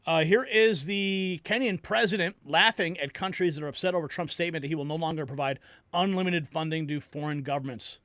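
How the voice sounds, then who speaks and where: A male host delivering excitable political news commentary, reacting to clips. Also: fairly high pitch, brisk, dry recording.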